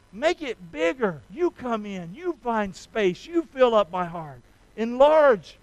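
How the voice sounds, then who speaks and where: A man preaching with a strikingly high voice, urging his congregation to pray along in call and response. He takes his time over the words, and his tone is smooth and resonant. The recording is close and dry. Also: no room sound, poor audio. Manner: impassioned, leads congregation in call-and-response prayer. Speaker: pastor. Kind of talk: sermon.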